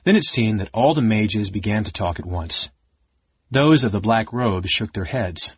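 A man narrating a fantasy audiobook with a steady, expressive reading. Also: on the low side, moderate pace, breathy edge, dry recording, muffled recording. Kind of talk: scripted narration.

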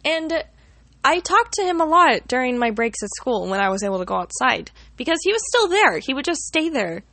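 A woman's voice: sits high, big pitch swings, brisk, pushed and bright, no echo. A young woman telling a personal story casually, rambling with lots of fillers and the odd swear word.

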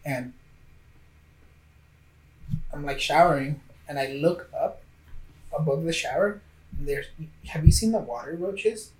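A woman telling a story in casual chat, animated and swearing freely, sometimes switching into Spanish. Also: deep voice, measured pace, pauses often, roomy sound, recorded from a distance, a little hiss or hum, rough recording.

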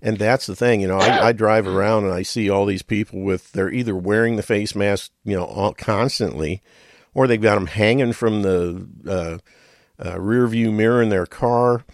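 A man's voice: on the low side, normal speed, no echo, studio quality. A middle-aged man hosting a radio talk show, rambling in a folksy way with chuckles and muttered asides.

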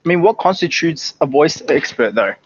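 Aussie guy, slightly high voice, muffled lo-fi mic, easygoing podcast chat. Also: lively intonation, moderate pace, slightly rough. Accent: Australian. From Australia. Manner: easygoing, agreeable, laughs along. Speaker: podcast co-host. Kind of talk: casual chat.

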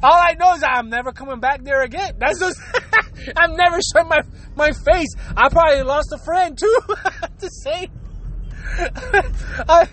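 A man's voice: extremely high pitch, unhurried, pushed and bright, slight background noise. A man telling a crude comedic story to his viewers, laughing constantly through his words and acting out noises.

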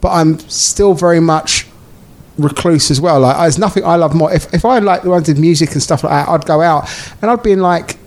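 A man co-hosting a podcast in casual chat. He rambles along with plenty of fillers, and his voice sits a bit high for a man. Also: brisk. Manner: rambling, lots of likes and restarts. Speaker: podcast co-host.

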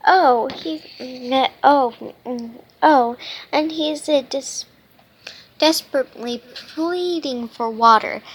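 A woman reading a children's storybook aloud, halting often and restarting her words. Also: high-pitched, breathy edge. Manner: halting, with frequent restarts and stumbles. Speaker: children's book reader.

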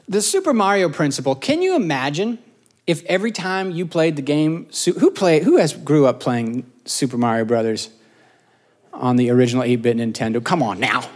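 A middle-aged man preaching a casual, joking sermon, telling self-mocking stories to his audience. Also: on the high side. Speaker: pastor.

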